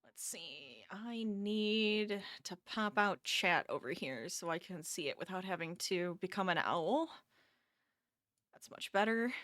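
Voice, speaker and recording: Woman, casual streamer, tired but chatty, laughs easily, crisp bright tone. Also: on the low side, animated, slow, no echo, clean studio sound. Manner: chatty, laughs often, reads chat aloud. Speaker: crochet streamer. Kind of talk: casual live-stream chat. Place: home office.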